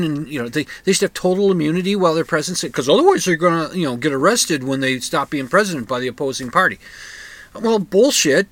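A man with a bright, forceful voice hosts a talk show from a comic book shop. He wanders through his thoughts with plenty of ums and restarts, then works himself up into blunt, ranting asides. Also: fairly high pitch, no echo. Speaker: radio show host. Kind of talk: casual monologue.

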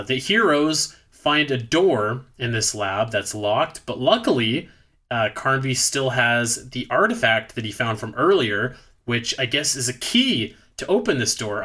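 Man, podcast co-host, casual chat, bright tone, rambling, sarcastic, profane. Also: mid-range voice, big pitch swings, moderate pace. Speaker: podcast co-host recapping a movie.

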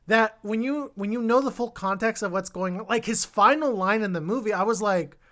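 A man talking casually through a film review, often stumbling over his words and restarting. Every so often he jumps into a louder, more animated stretch before settling back down. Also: high-pitched, a little fast. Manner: rambling, many restarts, animated bursts. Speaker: podcast co-host.

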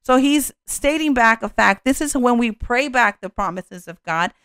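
A woman's voice: on the high side, lively intonation, normal speed, a bit bright, smooth, dry recording, clean studio sound. A woman teaching a sermon on a scripture passage, earnest and peppered with "um" and "you know" fillers. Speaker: bible teacher.

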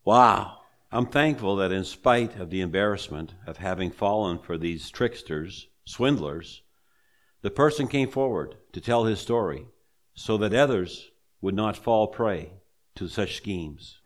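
Male pastor, lowish voice, emphatic sermon delivery with rhetorical questions. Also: lively intonation, a little slow.

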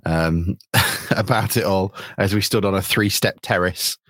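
Chatty English man, low voice, dry sound. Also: measured pace, fairly bright tone, no room sound. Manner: chatty, many ums and restarts, laughs often. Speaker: podcast host. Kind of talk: casual football podcast chat.

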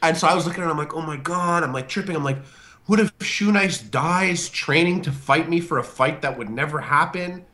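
A man, a show host, telling a casual animated story on a video call, with many fillers, acting out the voices of the people in it. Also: fairly high pitch, fairly quick.

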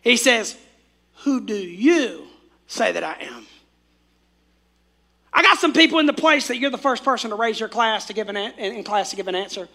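A man's voice: very high voice, fairly even intonation, fast talker, few pauses, sharp tone. A man preaching a fervent sermon as pastor, calling on the congregation to repeat after him.

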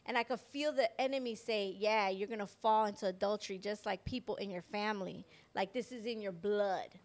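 A woman co-hosting a Christian podcast, telling a personal testimony in a lively way and acting out the voices of the people in her story. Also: mid-range voice, a little fast. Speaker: podcast co-host. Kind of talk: personal faith testimony in casual chat.

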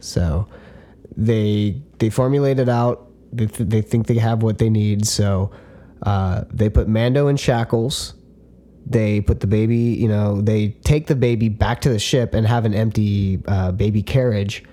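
A man's voice: on the low side, unhurried, dark tone. A man co-hosting a podcast, loosely recapping a show in casual, swearing chat. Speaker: podcast co-host.

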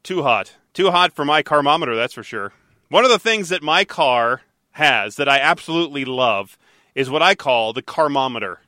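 A man hosting a talk radio show, chatting and teasing his co-host in a lively, animated way. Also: mid-range voice, moderate pace, no room sound, clean studio sound. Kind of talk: casual talk radio banter.

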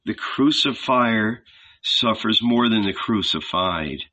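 A man voicing a gentle, resigned young man who speaks quietly and calmly. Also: fairly low pitch, slow, full character voice. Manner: quiet, soft-spoken.

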